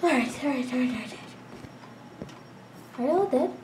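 A woman commenting on her gameplay as she plays, excitable and quick to exclaim and shout reactions. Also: high-pitched, recorded from a distance. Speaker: let's play gamer. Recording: roomy, away from mic, noisy.

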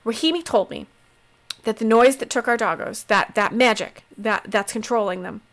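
A woman voicing a scatterbrained, emotional woman healer who talks in a loud, flustered, gushing way. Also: a little high, moderate pace, lightly acted.

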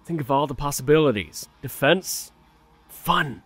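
A man's voice: fairly high pitch, expressive, a little slow, fairly bright tone, soft background music. Man playing an eager, wheedling young inventor. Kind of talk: fan audio drama.

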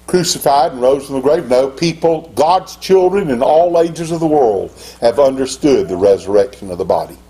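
An older man preaching a sermon as pastor, in an impassioned style that climbs to high, emphatic peaks. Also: mellow.

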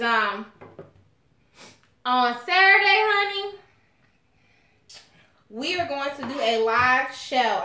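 A woman's voice: on the high side, sharp tone. A woman hosting a casual live cooking stream from her home kitchen, chatting with viewers and calling them honey and y'all. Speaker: cooking channel host. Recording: echoey room, faint noise.

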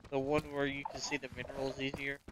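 A man with a bright, sharp tone chats casually while gaming, often muttering to himself. Faint noise sits under his voice. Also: mid-range voice, monotone, fast. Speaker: player.

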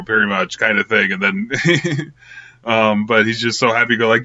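Young male reviewer, bright tense tone, chatty and filler-heavy; dull lo-fi recording. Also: fairly low pitch, a little slow. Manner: rambling, filler-heavy, giggly. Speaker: film reviewer. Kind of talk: casual film review. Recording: slightly muffled lo-fi audio.

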